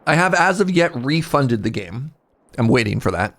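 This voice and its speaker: A male streamer in casual chat with his viewers, rambling and cutting himself off, with sudden animated outbursts. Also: mid-range voice, normal speed.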